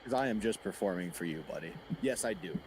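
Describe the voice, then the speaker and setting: A man bantering casually as a podcast co-host, joking and slipping into loud mock impressions. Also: sits low, animated, quick pace, breathy edge, low-quality recording. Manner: jokey, slips into loud impressions.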